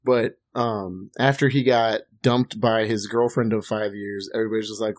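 A man's voice: medium pitch, normal speed, few pauses. A man chatting casually as a podcast co-host, rambling and swearing, with lots of fillers. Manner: rambling, profane, loose storytelling with lots of fillers. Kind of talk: casual chat.

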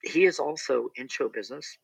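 A man's voice: medium pitch, brisk, vocal fry, slightly rough, no echo, poor audio. A middle-aged man, an entertainer, telling a rambling story in a casual interview with many restarts and asides.

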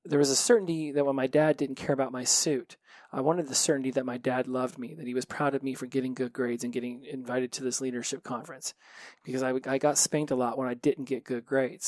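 A man talks alone into his podcast mic, frank and reflective, with swearing dropped in naturally. His voice sits at an ordinary middle pitch. The sound is dry and close. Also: darkish tone, no room sound. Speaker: podcast host. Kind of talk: candid solo podcast monologue.

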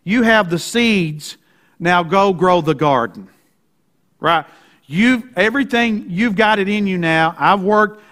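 High-voiced folksy preacher. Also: male voice, expressive, fairly bright tone. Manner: folksy and emphatic, often asks "right?"; slows down to read scripture deliberately. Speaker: pastor. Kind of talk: sermon.

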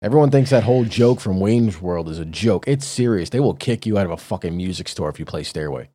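A man's voice: low voice, fairly quick, no echo. A man co-hosting a casual podcast chat, blunt and profane, telling stories with lots of energy. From lived in New York City. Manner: blunt, profane, animated storytelling. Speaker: podcast co-host.

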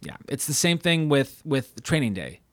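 A man's voice: mid-range voice, sing-song, moderate pace, no room sound. A man co-hosting a casual film discussion, thoughtful and hesitant, often restarting sentences. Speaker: podcast co-host.

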